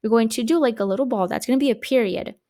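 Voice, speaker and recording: A woman's voice: fairly high pitch, warm tone. Patient woman teaching a grammar lesson. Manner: patient, explains slowly with rhetorical questions. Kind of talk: recorded online grammar lesson for children.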